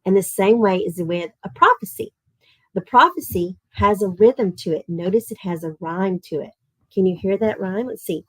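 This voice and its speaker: A friendly woman with a Southern Tennessee accent talks children through a lesson on a video call. Her talk is chatty and full of fillers and restarts, at a mid pitch, and the sound is dry and close with no room echo. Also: animated, slightly rough. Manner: reads verse slowly and rhythmically. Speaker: homeschool art and literature teacher. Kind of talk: live online class for children.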